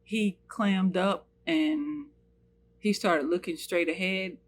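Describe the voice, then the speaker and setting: A woman's voice: fairly low pitch, fairly even intonation, takes it slowly, slight background noise. A woman from the United States telling a personal story in an earnest, searching way, with many fillers and restarts.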